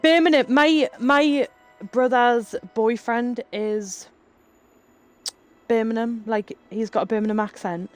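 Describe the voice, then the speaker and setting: A young woman with a Geordie accent talks to her live-stream viewers in a loose, chatty way. Her voice sits a little high, and she reads chat aloud, drops the odd swear word and laughs easily. Faint music plays behind her. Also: steady tone, slow. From Northeast England.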